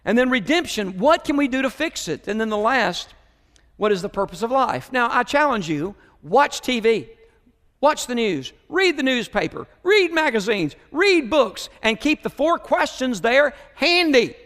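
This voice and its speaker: A man with a Southern American accent preaching a sermon, moving between soft musing and raised, emphatic preaching. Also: very high-pitched, big pitch swings, normal speed. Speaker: pastor. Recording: hall reverb.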